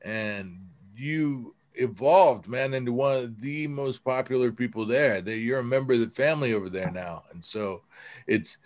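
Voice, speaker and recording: A man co-hosting a casual recovery podcast, talking in a relaxed storytelling way. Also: medium pitch, normal speed. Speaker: podcast co-host. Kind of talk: casual recovery-group chat.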